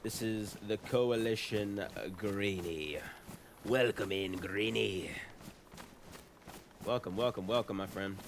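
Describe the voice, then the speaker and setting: A man's voice: fairly low pitch, slow pace, pauses often, slight background noise. A man chatting casually on a live game stream, playful, laughing often and greeting viewers in chat. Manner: laughs often, playful, trying silly voices.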